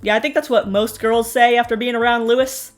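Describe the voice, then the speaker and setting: Young woman, fairly high voice, sarcastic recap host, mocking asides, faint music behind. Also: fairly even intonation, fairly quick. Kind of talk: snarky reality-show recap commentary.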